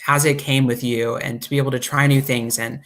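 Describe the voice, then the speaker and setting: A man's voice: medium pitch, brisk. A man, a cast member, earnestly recalling rehearsals in a casual group chat. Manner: earnest, quotes others in animated voices.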